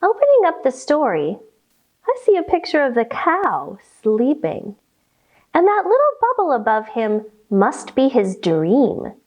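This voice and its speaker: A woman leading a children's storytime with yoga instruction, reading aloud in a playful, expressive way. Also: high voice. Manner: animated, playful, slow and expressive.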